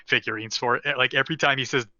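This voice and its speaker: A man's voice: mid-range voice, fairly even intonation, fast, sharp tone, dry recording. Amused man player on lo-fi mic. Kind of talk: casual game chat.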